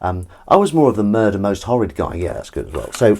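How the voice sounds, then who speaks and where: A man with a lowish voice rambles cheerfully through a comedy livestream, mocking himself and answering viewers. His delivery swings up and down a lot. Faint clatter of plates and running water sits behind him at a kitchen sink. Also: big pitch swings, fast, gravelly, a little mellow, slight background noise. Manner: rambling, self-mocking, reads out viewer comments. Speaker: comedian hosting a washing-up livestream. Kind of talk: casual chatty livestream banter. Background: clinking dishes and running water.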